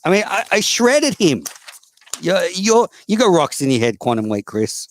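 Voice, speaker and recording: A man's voice: high voice, very animated, normal speed, no echo. An Australian man hosting a casual call-in show, blunt, profane and mocking toward callers and other hosts. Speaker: host.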